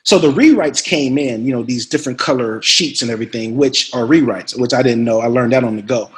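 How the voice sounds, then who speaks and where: A man, an actor guest, telling anecdotes in a casual interview, slangy and quick to laugh. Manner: mimics others with sharp pitch jumps.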